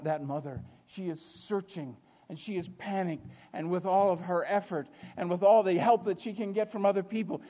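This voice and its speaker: A preacher with a high voice delivers a sermon. He leans on rhetorical questions and moves from hushed storytelling to loud emphasis.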